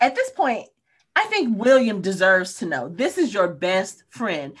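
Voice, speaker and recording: A woman with a somewhat higher-pitched voice talks in an easygoing podcast chat about a TV series. She is animated and opinionated, and often drops into character voices to make her point. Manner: animated, acts out characters' lines. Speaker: podcast co-host. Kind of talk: casual discussion of a TV show.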